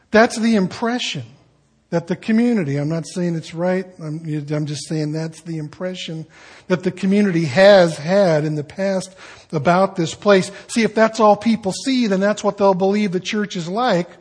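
Husky-voiced pastor preaching in storytelling style. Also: male voice, high voice, normal speed. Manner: conversational storytelling, animated quoting of others. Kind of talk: sermon. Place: church sanctuary.

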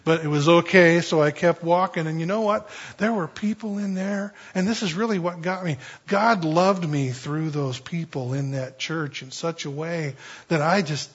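Chatty pastor with a husky voice. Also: male voice, fairly high pitch, dull audio. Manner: conversational, rambling, frequent fillers and restarts. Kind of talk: sermon.

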